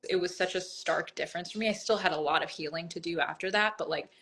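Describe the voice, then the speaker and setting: A woman guest in a candid conversation, telling her own story in an open, animated way. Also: fairly low pitch, quick pace.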